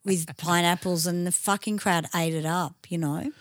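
A woman's voice: fairly low pitch, moderate pace, no echo, clean studio sound. A woman with an Australian accent co-hosting a podcast, telling blunt, sweary stories in casual chat. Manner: blunt, sweary, animated storyteller. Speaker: podcast co-host.

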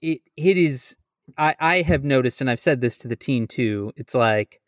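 A man's voice: medium pitch, expressive, moderate pace, no room sound. A man co-hosting a podcast, chatting casually in an everyday mid-range voice. He keeps a wry, conversational tone. The sound is dry and close, with almost no room around it. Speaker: podcast co-host. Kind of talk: casual chat.

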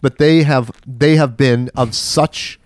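A man in casual podcast chat, cutting in with jokes and quick agreements. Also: mid-range voice, steady tone, no echo, clean studio sound. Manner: joking interjections, short agreements.

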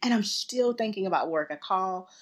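A woman telling a personal story as a guest, lively and laughing often, acting out what others said. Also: medium pitch, normal speed. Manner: animated, laughs often, acts out quoted voices. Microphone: remote call.

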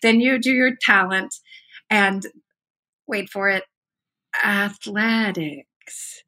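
A middle-aged woman from North Carolina with a Southern accent, telling animated stories with lots of laughter as a podcast guest. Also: mid-range voice, takes it slowly. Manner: animated, laughs often, warm storytelling. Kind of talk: casual chat.

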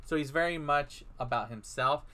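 A man with a bright, slightly high voice co-hosts a casual film podcast. He retells the plot in a loose, chatty way and briefly acts out each character's lines as he narrates. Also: moderate pace. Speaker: podcast co-host. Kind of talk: casual film recap chat.

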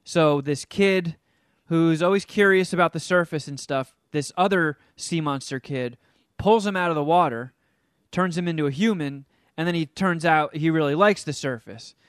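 A man in casual podcast chat, recapping a film with lively, animated delivery. His voice sits a little high for a man. The sound is dry and close, with no room around it. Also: normal speed, smooth, no echo. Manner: animated storyteller, hams up silly voices for the characters he describes. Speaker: podcast co-host reviewing a film.

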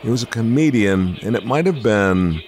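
An older man hosts a relaxed interview with a fairly low voice. He jokes easily and rambles, often trailing off mid-thought and circling back. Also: normal speed. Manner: chatty, jokey, trails off and restarts. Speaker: radio and podcast host. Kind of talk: casual interview chat.

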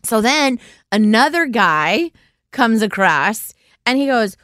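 Lively, high-voiced woman. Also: takes it slowly, no room sound, clean studio sound. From United States. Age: 40s. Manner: animated, laughs often while telling stories. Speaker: podcast host. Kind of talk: casual storytelling chat.

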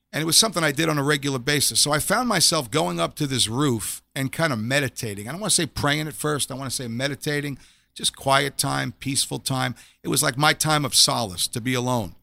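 A man's voice: medium pitch, creaky, pushed and bright, dry recording. A middle-aged man, a former police officer, giving an earnest personal faith testimony in an interview, often repeating phrases as his feelings rise. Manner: earnest, repeats phrases when he gets emotional.

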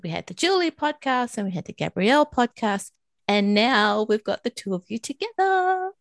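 A woman's voice: on the high side, sing-song, normal speed, vocal fry, no echo, studio quality. Woman hosting with melodic delivery. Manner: friendly, introduces guests. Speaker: podcast host. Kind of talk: podcast hosting.

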